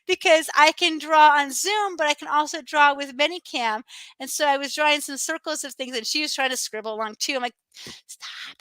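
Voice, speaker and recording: A woman in her thirties, an online teacher chatting casually to viewers from her home office over a webcam, animated and quick to laugh. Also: high voice, no echo.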